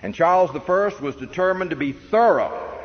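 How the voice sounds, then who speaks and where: A man's voice: sits high, lively intonation, moderate pace. Emphatic preacher man in a reverberant hall. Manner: earnest, emphatic, with rhetorical questions. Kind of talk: sermon lecture on church history. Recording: dull reverberant hall recording with faint noise.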